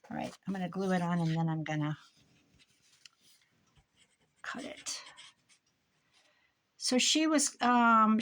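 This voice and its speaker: Working on a craft project at her desk, a middle-aged crafting YouTuber rambles casually to herself and her viewers, tossing in chatty asides. Her medium-pitched voice has a fairly bright tone.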